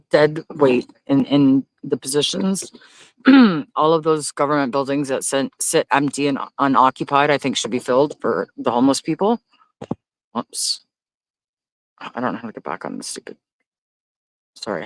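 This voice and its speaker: A man rants bluntly and profanely while reading viewer comments on his livestream. His voice sits at an ordinary middle pitch and jumps up high when he can't believe something. The sound is dry and close. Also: measured pace, long pauses, dry recording. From Canada. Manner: loudly incredulous, rises to high exclaims. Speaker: livestream host.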